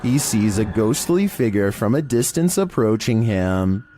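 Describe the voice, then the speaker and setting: A man hosting and narrating a scripted countdown in a steady monotone delivery. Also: fairly low pitch, a little slow, slight background noise. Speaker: host and narrator.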